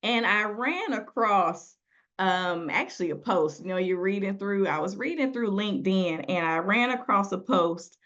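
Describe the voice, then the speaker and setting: A woman's voice: medium pitch, animated, normal speed, fairly bright tone. A woman preaching a sermon in a conversational style that builds to emphatic, rising delivery. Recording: dull lo-fi sound.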